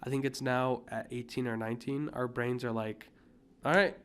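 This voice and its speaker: A man's voice: medium pitch, little pitch movement, moderate pace, clear, resonant tone. A young man from the United States, co-hosting a podcast in casual chat, rambling with lots of fillers and restarts. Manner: rambling, many fillers and restarts, coughs now and then. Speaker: podcast co-host.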